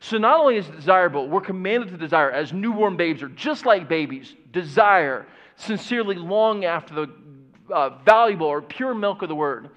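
A man preaching a sermon to a church audience, animated and engaging, asking them questions and putting on the voices of doubters. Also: sits high, normal speed, big-room sound. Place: church sanctuary. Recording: dull, muffled church audio recording.

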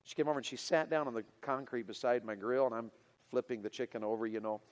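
Pastor type, storytelling sermon to a youth crowd, lively and builds to loud excitement. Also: male voice, mid-range voice, fast talker, in a large hall.

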